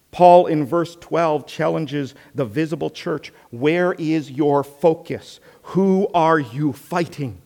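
A male preacher delivers a sermon slowly and deliberately in a slightly high voice. He presses his points with rhetorical questions. He rises to loud emphasis, then drops to a hush. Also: big-room sound. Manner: earnest, rhetorical questions, swings from loud to hushed.

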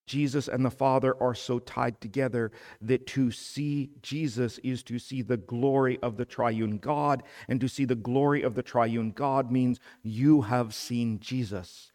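Male pastor, unhurried emphatic sermon delivery, church hall echo. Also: mid-range voice, steady tone, a little mellow. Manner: slow, emphatic preaching with rising fervor. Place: church sanctuary. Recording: long hall reverb.

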